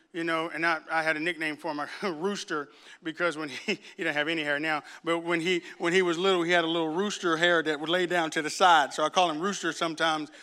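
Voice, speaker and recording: A man preaching a sermon, telling his own story in hushed tones and then rising to loud preaching aimed straight at his listeners. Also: a little high, clean tone. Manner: speaks straight to viewers and congregation. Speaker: pastor. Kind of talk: sermon with personal testimony.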